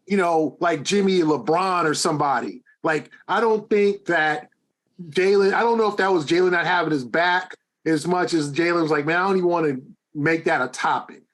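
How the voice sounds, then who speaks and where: A man's voice: a little high, normal speed, a bit bright. A man who is a guest sportswriter on a podcast, talking with heat and repeating phrases for emphasis. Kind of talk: animated podcast debate.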